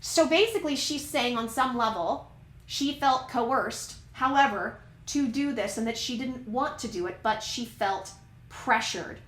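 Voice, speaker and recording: A woman's voice: on the high side, a little slow, echoey room. A woman hosting casual commentary, chatting and reading documents aloud, sometimes stumbling over names and words. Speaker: commentary channel host.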